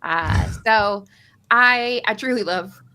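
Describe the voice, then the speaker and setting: A woman's voice: mid-range voice, sharp tone, smooth. A woman hosting a live game stream, chatting casually, rambling and joking as she introduces players. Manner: bubbly, rambling, quick to joke. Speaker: stream host and commentator.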